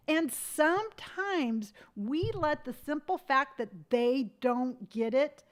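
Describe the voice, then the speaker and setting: A woman in her fifties with a fairly high voice talks straight to her livestream viewers. She sounds earnest and animated, slipping into other people's voices to act out their remarks. Her encouragement comes with a firm, tough-love edge. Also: slow, hardly any pauses. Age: 50s. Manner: tough-love pep talk. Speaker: livestream host. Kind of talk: motivational livestream chat.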